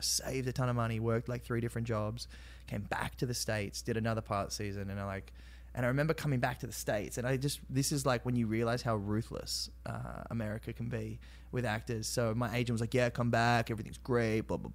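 An Australian actor appearing as a guest tells stories in a casual interview, his mid-range voice steady and fairly quick with few pauses. He rambles with lots of fillers and acts out the voices of people he quotes.

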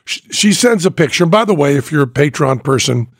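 Casting a gravelly, husky male podcast host with a slightly high voice, animated storyteller, dry close sound. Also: brisk, dry recording. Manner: animated, laughs while telling stories. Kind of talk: casual storytelling chat.

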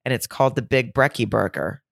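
A woman co-hosting a podcast, chatting casually in an animated, laughing way. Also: very deep voice, fairly quick, creaky, no echo, clean studio sound. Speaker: podcast co-host. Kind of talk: casual chat.

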